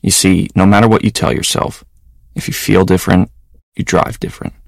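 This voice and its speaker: A man reading a serious public service announcement in a measured, gravelly voice. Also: deep voice, steady tone, dry recording, studio quality. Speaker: ad voice-over.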